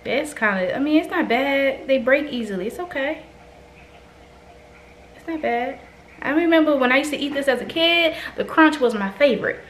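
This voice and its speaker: A woman's voice: sits high, expressive, normal speed, fairly bright tone, a little hiss or hum. A young woman vlogging casually from her home kitchen, chatting to herself as she cooks. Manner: chatty, talks to herself while cooking. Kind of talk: casual cooking vlog chat.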